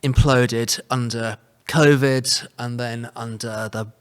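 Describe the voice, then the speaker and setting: A man's voice: mid-range voice, steady tone, slow, a bit bright, clean tone. Man, English accent with South African trace, podcast guest, wordy, hedging, casual chat. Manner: wordy, hedging with many "sort of" and "kind of". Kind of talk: casual conversation.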